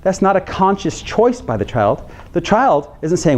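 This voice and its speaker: Male psychologist, lecture delivery, voice on the higher side, emphatic and repetitive. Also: moderate pace. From United States. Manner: animated, repeats phrases for emphasis, jokes with the audience. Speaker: health psychologist giving a training talk. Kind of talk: conference lecture to counselors.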